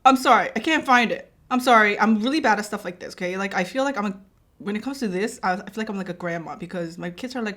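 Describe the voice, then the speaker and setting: A woman's voice: mid-range voice, fast talker, a bit bright. A woman, telling a rambling story casually to her viewers in a mukbang vlog, with many "like"s and "right?"s. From Korea. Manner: rambling, chatty, filled with "like" and "right?". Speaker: vlogger and mother.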